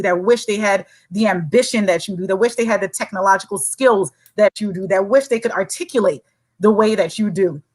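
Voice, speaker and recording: On a podcast, a woman from Saint Croix in the U.S. Virgin Islands chats casually, earnest and encouraging, talking in long runs. Her voice is mid-range and the audio is poor.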